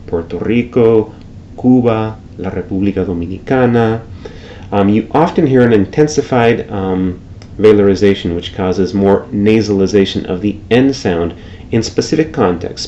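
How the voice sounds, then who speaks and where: Male language teacher, lecturing, slow repeated examples, faint hiss behind. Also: fairly low pitch, dark tone, muffled recording. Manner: explanatory, repeats example phrases slowly. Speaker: Spanish teacher.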